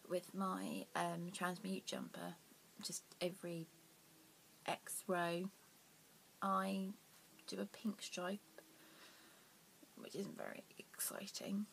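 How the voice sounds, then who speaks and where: A woman's voice: fairly low pitch, vocal fry, slight background noise. Chatty woman rambling about knitting. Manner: rambling and self-deprecating, dropping to near whispers. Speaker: knitting podcast host. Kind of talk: casual chatty vlog.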